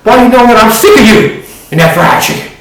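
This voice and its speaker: A man's voice: sits high, wildly swooping pitch, slow, fairly bright tone, pitched above the performer's own voice, exaggerated voice. A man doing an exasperated scolding mother. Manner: scolding, raised voice. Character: exasperated mother scolding her teenage son. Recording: very echoey room, distant mic.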